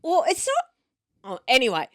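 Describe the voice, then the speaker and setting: A woman's voice: high voice, huge pitch swings, a little slow, fairly bright tone, dry recording, studio quality. Chatty woman telling stories. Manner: chatty storyteller, goes off on tangents. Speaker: podcast co-host. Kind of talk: casual chat. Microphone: studio microphone.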